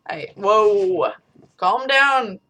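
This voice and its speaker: A woman's voice: mid-range voice, very slow, sharp tone. A young adult woman chatting casually to her webcam from a small bedroom, rambling and swearing lightly. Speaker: vlogger. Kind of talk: casual chat to camera.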